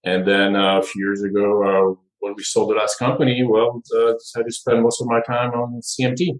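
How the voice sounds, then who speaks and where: A middle-aged man from France with a French accent, telling his story in a relaxed podcast interview. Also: mid-range voice, fairly quick, poor audio. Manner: relaxed storytelling, light humor. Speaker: board chair guest.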